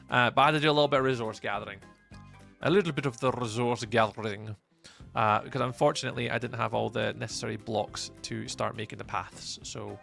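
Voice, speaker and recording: A man's voice: mid-range voice, vocal fry, sharp tone. A man from Scotland with a Scottish accent, chatting casually on a live stream and reading out and answering chat while he plays.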